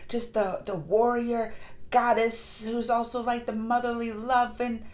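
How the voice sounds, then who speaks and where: A woman reviewing a movie in a casual vlog, gushing and excitable, with lots of fillers and restarts. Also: fairly high pitch. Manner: acts out lines in quick put-on voices. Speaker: movie reaction vlogger. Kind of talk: casual chat.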